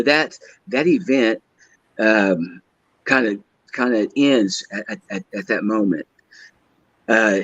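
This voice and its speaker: A man telling a personal story as a guest, halting and hesitant, often repeating his words. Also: fairly low pitch, fairly bright tone, dry recording. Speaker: guest caller. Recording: dull lo-fi line.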